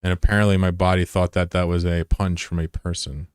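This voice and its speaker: Low, smooth-voiced man in his thirties streaming. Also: flat delivery, fairly quick, no echo, clean studio sound. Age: 30s. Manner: loose, profane, giggly banter with chat. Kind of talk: casual live gameplay commentary.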